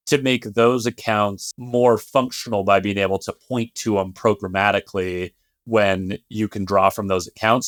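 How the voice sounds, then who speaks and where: A man's voice: on the low side, fairly bright tone, no room sound, clean studio sound. A man hosting a podcast in a casual, conversational way, hedging now and then with fillers. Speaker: podcast host.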